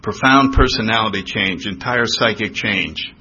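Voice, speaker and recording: An older man telling his recovery story in a personal talk, animated, acting out the voices of the people he describes. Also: fairly low pitch, moderate pace, breathy edge. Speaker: recovery speaker. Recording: dull lo-fi recording.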